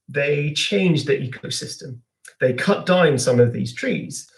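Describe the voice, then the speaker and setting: A man, a science communicator giving a live online lesson for young people, asking viewers to type their answers. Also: mid-range voice.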